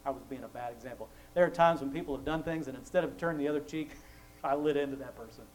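A man's voice: medium pitch, fast, slight background noise, rough recording. A man sharing faith thoughts in a casual, chatty way, laughing often between points. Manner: chatty storytelling, laughs often, acts out quoted voices.

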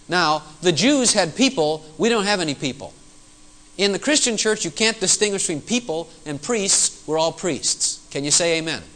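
Animated high-voiced male preacher. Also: rough recording. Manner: animated preaching with rhetorical questions. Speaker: pastor. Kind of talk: sermon.

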